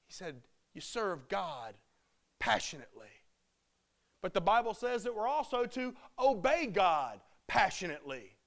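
A man preaching a sermon with emphatic delivery, building to loud shouted peaks. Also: high-pitched, big pitch swings, measured pace.

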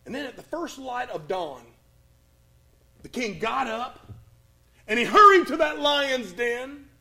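A man with a very high voice preaches a sermon, telling a Bible story with dramatic pauses. He swings from a raised, urgent voice down to near hushes. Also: animated, vocal fry.

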